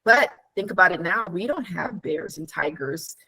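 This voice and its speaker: Lively woman telling stress stories. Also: on the low side, normal speed, husky, low-quality recording. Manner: animated storytelling, acts out quoted dialogue; laughs often, asks rhetorical questions. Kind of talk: casual chat.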